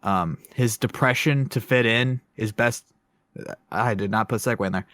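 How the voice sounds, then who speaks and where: A man's voice: medium pitch, moderate pace, a bit bright, no room sound. A man co-hosting a podcast, rambling through a film review with many fillers and self-conscious asides. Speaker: podcast co-host.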